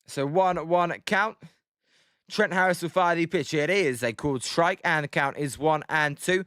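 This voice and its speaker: A man's voice: a little slow, a bit bright, clear, resonant tone, no echo, clean studio sound. Chatty British man calling a livestream. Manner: chatty, reads chat aloud between pitch calls. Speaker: livestream host. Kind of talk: live play-by-play commentary with chat.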